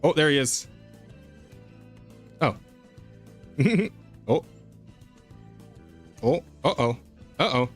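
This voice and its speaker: A man's voice: a little high, animated, drawn-out words, long pauses, faint music behind. Laughing, profane man on a podcast. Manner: loose and profane, laughs often, stammers on restarts. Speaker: podcast co-host. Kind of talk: casual podcast chat.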